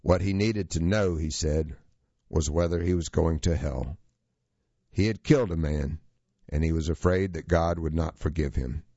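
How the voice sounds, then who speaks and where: Deep-voiced man narrating in a dry, dull recording. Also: normal speed, warm tone, no echo. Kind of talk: scripted narration of a true story.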